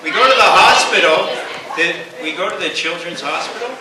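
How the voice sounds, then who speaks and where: A man's voice: high-pitched, animated, brisk, background noise. A man giving a rowdy, profane after-dinner speech at a rugby club banquet, playfully scolding the crowd between jokes. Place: banquet hall. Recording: echoey hall from far off with crowd.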